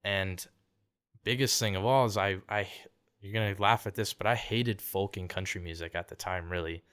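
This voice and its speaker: A man's voice: deep voice, steady tone, normal speed, fairly bright tone, smooth. A young man from Canada telling a story in casual podcast chat, laid-back, peppering his talk with "like" and "dude" and acting out quotes. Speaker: podcast guest, singer-songwriter.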